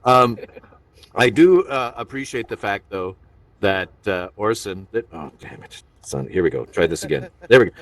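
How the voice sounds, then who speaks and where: A man's voice: fairly low pitch, animated, normal speed, no echo, recorded from a distance. A man doing a playful, rambling stand-up set streamed online. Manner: rambling, self-interrupting, playful. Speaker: stand-up comedian.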